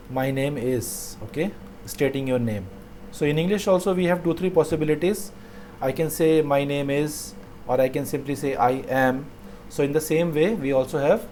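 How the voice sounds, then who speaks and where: A man teaching a language lesson, saying each phrase slowly twice and then explaining it. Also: a little high, mellow, a little hiss or hum.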